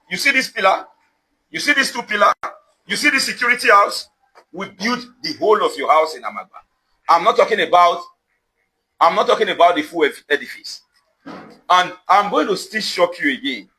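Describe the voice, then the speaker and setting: A man's voice: sits high, pushed and bright, rough recording. A Nigerian man delivering a confrontational direct-to-camera rant outside his house, emphatic and accusatory, repeating his questions for effect. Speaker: social media commentator. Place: outdoors at his house compound.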